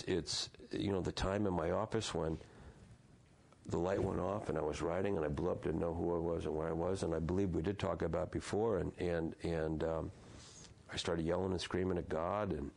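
A man in his sixties speaks in a very low voice with a rough, gravelly edge. He tells a reflective personal story as an interview guest, halting, repeating words and circling back as he goes. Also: darkish tone. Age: 60s.

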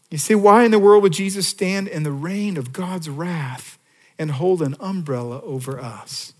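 Pastor preaching, man with a slightly high voice, chatty and lively delivery, long church-hall reverb. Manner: conversational, animated preaching with rhetorical questions. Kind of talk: sermon. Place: church sanctuary with seating.

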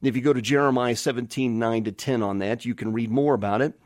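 A man's voice: medium pitch, fairly even intonation, a little fast, a little mellow, no room sound, clean studio sound. A man preaching a sermon, reading scripture aloud and listing verse references, with some restarts.

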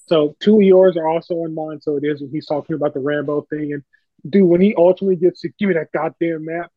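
Higher-voiced guy swearing through a movie recap, muffled lo-fi mic, dry. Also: quick pace, dry recording. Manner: animated, swears freely. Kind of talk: casual movie review chat. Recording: dull lo-fi mic.

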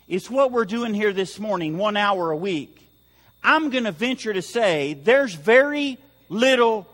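A man's voice: high voice, fairly bright tone. A man preaching a sermon to his church, emphatic and building in volume, with touches of humor. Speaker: pastor. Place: church sanctuary. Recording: long hall reverb.

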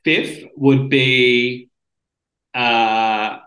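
A man's voice: medium pitch, fairly even intonation, very slow, sharp tone, echoey room, low-quality recording. A man co-hosting a podcast, telling stories and joking with confident, playful asides. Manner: joking, storytelling, self-assured. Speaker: podcast co-host. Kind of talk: casual chat.

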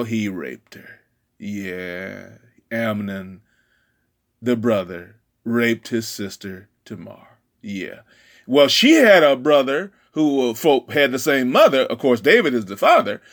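A man's voice: medium pitch, very animated, unhurried, fairly bright tone. A man preaching, retelling a story and acting out the dialogue in character voices. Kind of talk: sermon storytelling.

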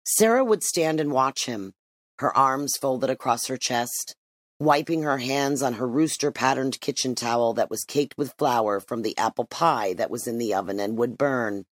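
A narrator reading a literary story aloud in an expressive, measured way. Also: mid-range voice, no echo. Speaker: audiobook narrator.

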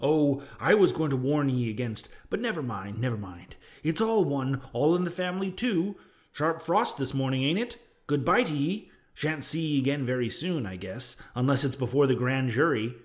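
A man's voice: mid-range voice, expressive, moderate pace, natural voice. Man putting on a cryptic old sailor-prophet. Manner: ominous, wheedling, old-timey sailor dialect.

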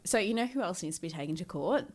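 A woman co-hosting a casual chat podcast, chatty and quick to swear and laugh. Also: fairly low pitch, expressive, darkish tone, soft background music. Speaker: podcast co-host.

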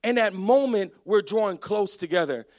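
A male pastor preaching with high pitch and lively, storytelling energy. He restarts his phrases often as he builds a point. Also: normal speed. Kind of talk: sermon.

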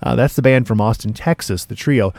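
A middle-aged man hosting a radio show, chatting casually with hip slang, lots of "uh"s and bursts of excitement. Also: mid-range voice, fairly quick, gravelly, no room sound. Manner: excitable, laid-back hipster slang, many fillers. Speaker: radio DJ host.

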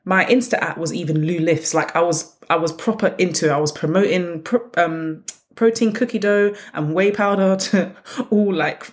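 A woman hosting her own podcast, telling stories in a blunt, sarcastic, animated way. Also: lowish voice, moderate pace. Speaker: podcast host. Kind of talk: casual solo podcast monologue.

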